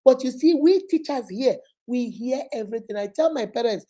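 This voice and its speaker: A woman's voice: on the high side, animated, moderate pace, warm tone, poor audio. A woman from Nigeria with a Nigerian accent, a schoolteacher giving a motivational talk to mothers, using emphatic, repetitive exhortation mixed with storytelling asides.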